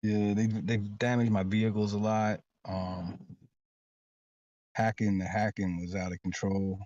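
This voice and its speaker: A rambling, insistent man with a lowish voice tells his story in loose casual talk, stumbling over repeated words. The audio is dull and lo-fi, with a dry, close sound. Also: flat delivery, measured pace, dark tone, no room sound. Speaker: interview guest.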